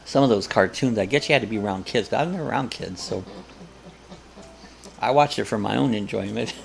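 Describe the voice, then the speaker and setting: In a lowish, gravelly voice at a moderate pace, an older man rambles and chuckles through viewer comments as host of a casual live coffee chat.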